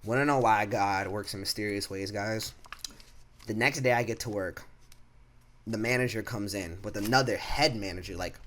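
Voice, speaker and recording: A man's voice: fairly low pitch, normal speed, slight background noise. A man in his twenties telling a casual storytime monologue. He swears freely, leans on fillers and restarts, and acts out what people said. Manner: profane, animated, lots of fillers and restarts, acts out quotes. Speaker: vlogger.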